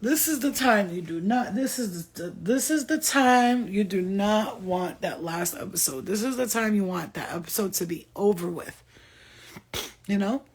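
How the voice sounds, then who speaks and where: A woman's voice: mid-range voice, expressive, normal speed, slightly rough. A woman giving a spiritual reading in a casual, blunt and profane way, laughing often as she talks. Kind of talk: casual spiritual channeling talk.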